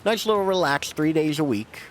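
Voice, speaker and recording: On the high side and expressive, his voice moves a little fast, with a bit of hiss or hum. He's a man playing a video game on stream, chatting to viewers in a rambling, self-mocking way and swearing casually.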